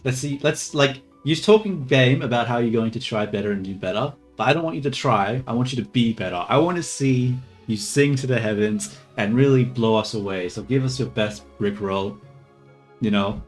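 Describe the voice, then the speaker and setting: A man's voice: medium pitch, normal speed, faint music behind. A man in casual chat, testing AI voices, rambling and swearing.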